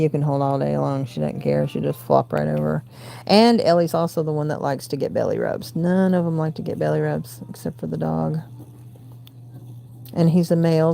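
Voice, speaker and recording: Southern woman in her forties, craft stream host, dark mellow voice, rambling chatter. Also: low-pitched, vocal fry. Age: 40s. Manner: rambling, coos baby talk to her cats. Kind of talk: casual livestream chat. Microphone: phone.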